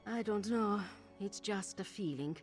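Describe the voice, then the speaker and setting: A woman's voice: medium pitch, measured pace, loud music behind the voice, lightly acted. An actress as a weary garrison guardswoman. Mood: worried. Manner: flat, uneven delivery.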